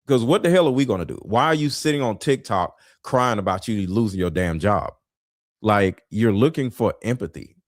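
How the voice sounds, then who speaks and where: Blunt, animated man ranting. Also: lowish voice, normal speed, no room sound, clean studio sound. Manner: blunt, preachy, swears, rises to shouting. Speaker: commentary vlogger reacting to clips. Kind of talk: animated reaction commentary.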